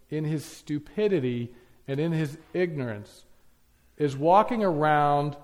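A man's voice: a little high, a little mellow. A man preaching a sermon, emphatic, piling up lists and rhetorical questions.

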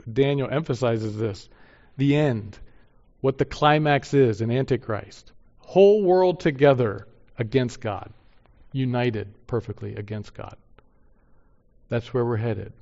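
A man preaching a sermon, building to loud, emphatic peaks on key points and then dropping low and quiet. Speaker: pastor. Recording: muffled sound in a reverberant hall.

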